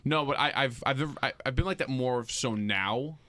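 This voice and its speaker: A man's voice: mid-range voice, moderate pace, a little hiss or hum. A man co-hosting a casual podcast, telling rambling stories with lots of restarts and swearing. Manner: rambling, animated storytelling with many restarts and swearing. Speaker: podcast co-host. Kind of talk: casual chat.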